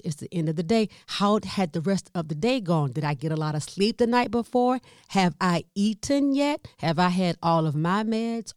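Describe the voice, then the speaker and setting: A woman in her fifties from the Southern United States, a podcast host with a Southern American accent, telling caregiving stories in a lively way with asides and laughter. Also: lowish voice, dry recording, clean studio sound. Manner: lively storytelling with asides and laughs, addresses listeners as y'all. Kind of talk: candid caregiving talk.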